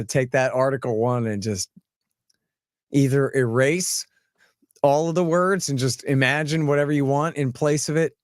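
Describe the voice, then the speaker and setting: A man hosting a podcast, chatting casually and telling animated, chuckling stories. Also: mid-range voice, dry recording, clean studio sound. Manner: animated, chuckling, repeats phrases. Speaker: podcast host. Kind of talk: casual chat, anecdotal storytelling.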